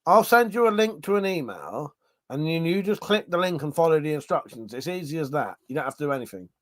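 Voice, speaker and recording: A man's voice: fairly high pitch, very animated, a little fast, dry recording. A man hosting a livestream, casually chatting, reading viewer comments and laughing often through crude banter. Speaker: livestream host.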